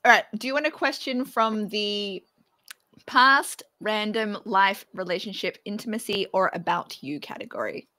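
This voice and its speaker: A woman's voice: mid-range voice, moderate pace, sharp tone. A woman hosting a casual podcast chat, hesitant and full of ums, often breaking into laughs. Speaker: podcast host.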